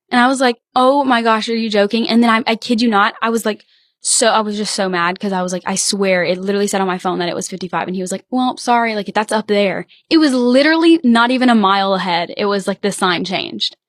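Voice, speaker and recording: A young woman, from Louisiana, co-hosting a podcast in casual chat and telling animated stories with quoted voices. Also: mid-range voice, dry recording, clean studio sound. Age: young adult. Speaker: podcast co-host.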